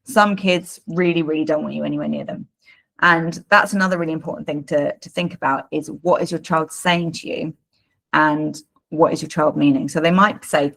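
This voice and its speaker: A woman's voice: low voice, fairly even intonation, fairly quick, gravelly, fairly bright tone. A woman leads a live parenting workshop as a coach, talking in a chatty, informal way with many fillers and repeated words. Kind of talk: live online workshop talk.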